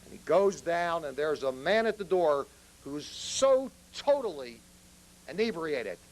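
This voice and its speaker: A man's voice: on the high side, big pitch swings, measured pace. An earnest man giving a public speech as a guest speaker, telling a story to make his point.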